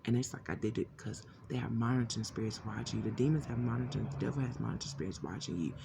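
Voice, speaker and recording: A woman's voice: a bass voice, very fast, vocal fry, background noise. A woman telling an emotional personal testimony in a rambling way, restarting often and acting out what others said. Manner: rambling, restarts often, acts out quoted voices. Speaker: vlogger sharing a testimony.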